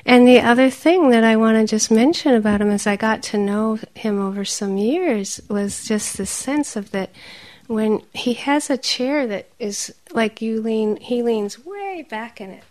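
A woman teaching meditation in a dharma talk, telling stories with animated energy, often laughing and sometimes dropping to a soft near-whisper. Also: fairly high pitch, unhurried.

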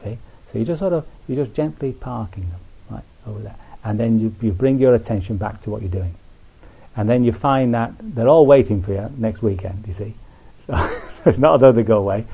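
Man, meditation teacher, gravelly voice, dark husky tone, unhurried folksy dharma talk. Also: mid-range voice, low-quality recording. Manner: unhurried, folksy, many asides like "you see". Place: retreat centre.

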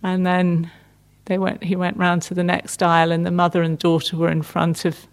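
Soft-spoken woman giving a meditation talk. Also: lowish voice, completely flat delivery. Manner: gentle, unhurried, with frequent restarts and fillers. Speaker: meditation teacher. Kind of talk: dharma talk.

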